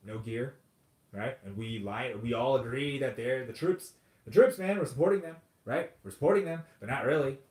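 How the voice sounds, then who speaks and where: A man hosting a podcast, ranting in a comedic monologue, profane and sarcastic, dropping to mutters and then bursting out loud. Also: medium pitch, moderate pace. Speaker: podcast host. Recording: roomy echo.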